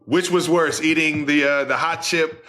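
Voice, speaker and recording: A man co-hosting a casual podcast, reacting excitably with laughs and swearing. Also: on the high side, normal speed. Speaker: co-host.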